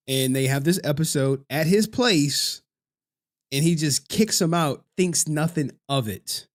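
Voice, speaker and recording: A man's voice: fairly high pitch, expressive, measured pace. A man giving casual reaction commentary over a clip, laid-back, slangy and joking.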